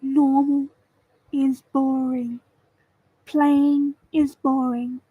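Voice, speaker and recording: A woman vlogger giving a dramatic motivational monologue straight to camera, slow, theatrical and emphatic. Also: sits high, little pitch movement, no room sound, narrow, tinny audio. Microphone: camera mic.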